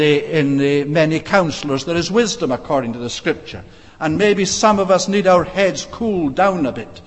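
Man preaching a sermon in a reverberant church. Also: fairly high pitch. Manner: measured preaching with frequent uh fillers and restarts. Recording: long reverb of a church hall.

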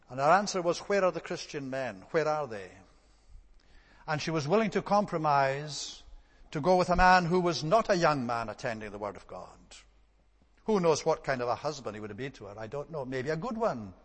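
Male preacher, mid-pitched, emphatic sermon delivery, long hall reverb. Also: a bit bright, slightly rough. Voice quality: emphatic, rising to stress points then dropping low.

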